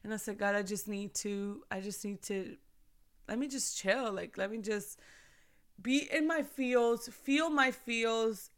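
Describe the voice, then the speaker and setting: A woman in her thirties hosting a faith podcast, talking in a chatty, animated way and addressing listeners as "sis". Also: on the high side, unhurried. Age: 30s. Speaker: podcast host. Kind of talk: casual faith podcast talk.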